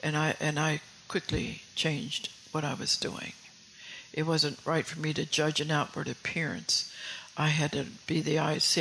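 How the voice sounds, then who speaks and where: A woman preaching a sermon with a gravelly, tense voice. She speaks earnestly, circles back over her phrases and keeps questioning her listeners. Faint room ambience hums behind her. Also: sits low, a bit bright, slight background noise, poor audio.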